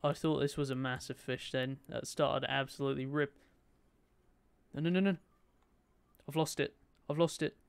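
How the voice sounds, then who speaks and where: A young man streaming a game, commentating excitedly and chatting to his viewers. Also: medium pitch, normal speed, gravelly, long pauses, smooth. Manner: excitable, chatty, talks to his chat, swears lightly. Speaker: gaming streamer.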